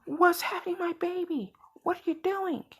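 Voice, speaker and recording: A young man putting on the high, panicked voice of a frantic mother in a fan story he is telling. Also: fairly even intonation, moderate pace. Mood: alarmed.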